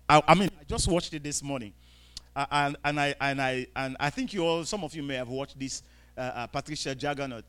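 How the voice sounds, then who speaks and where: A man preaching a sermon, dropping to quiet asides and rising to loud, drawn-out scripture readings, asking the congregation to answer back. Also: fairly high pitch, clean tone, low-quality recording. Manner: calls out to the congregation for responses.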